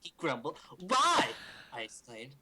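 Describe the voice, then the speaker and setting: A man's voice: mid-range voice, expressive, moderate pace, heavy background noise. A man reading fan fiction aloud to a group for laughs, in a mock-dramatic way, stopping to joke and swear. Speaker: group reader. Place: home recording for a livestream.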